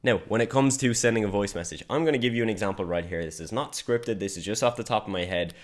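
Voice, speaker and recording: A man's voice: fairly low pitch, quick pace. A young man giving an online marketing lesson in a direct, emphatic coaching manner.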